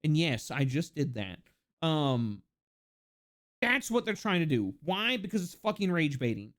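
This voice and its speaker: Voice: medium pitch, a little slow. A live-streamer from the United States ranting casually to chat, rambling and swearing freely. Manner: rambling, profane, lively. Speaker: livestreamer.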